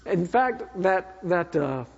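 A man preaching a sermon as a minister, telling a personal story in an earnest way that swings between fervent and hushed. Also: high-pitched, expressive, slow. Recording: echoey hall, dull sound.

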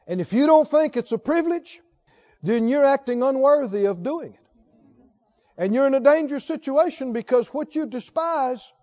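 A man preaching a sermon as pastor, reading scripture and rising to shouted exhortations to the congregation. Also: very high voice. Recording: dull lo-fi sermon recording.

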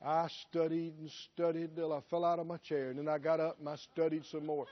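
A man's voice: a little high, level tone, a little fast, voice pushed down, natural voice. A man preaching who voices a smug, boastful preacher bragging about his own effort. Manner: smug, self-satisfied. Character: boastful self-glorifying male preacher. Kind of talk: sermon. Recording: dull lo-fi recording.

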